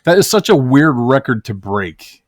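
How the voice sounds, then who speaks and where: A man's voice: medium pitch, big pitch swings, moderate pace, no room sound, clean studio sound. A man co-hosting a casual sports talk show, wry and analytical. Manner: wry, analytical, laughs at the absurd.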